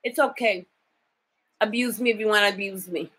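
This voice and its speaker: A woman's voice: mid-range voice, normal speed, a bit bright, husky, low-quality recording. A woman caregiver talking in a casual video diary. She is tired from lack of sleep and talks bluntly, swearing freely as she vents. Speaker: home caregiver.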